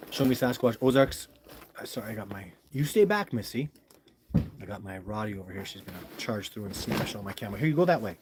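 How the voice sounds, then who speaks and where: A man hosting a casual live stream, reading viewer comments aloud and rambling enthusiastically while talking straight to the viewer. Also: mid-range voice. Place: at home with a dog nearby.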